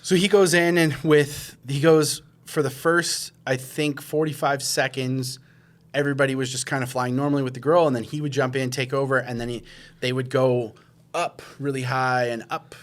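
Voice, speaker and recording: A man's voice: mid-range voice, level tone, normal speed. A man hosting a podcast, telling a long story in casual chat, rambling with lots of fillers and acting out his own quoted reactions. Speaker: podcast host.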